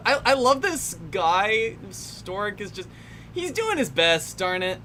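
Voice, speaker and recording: A woman's voice: medium pitch, big pitch swings, slow, fairly bright tone. A young woman giving casual, wry commentary over a film, laughing often and trailing off mid-sentence. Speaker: commentary host. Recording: faint background noise.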